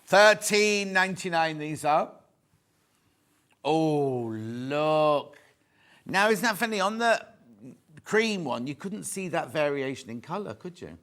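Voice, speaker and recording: A man's voice: sits high, lively intonation, normal speed, a bit bright. Chatty English man presenting shopping TV. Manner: chatty, jokey, reads out viewer messages. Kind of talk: live home shopping chat. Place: TV studio.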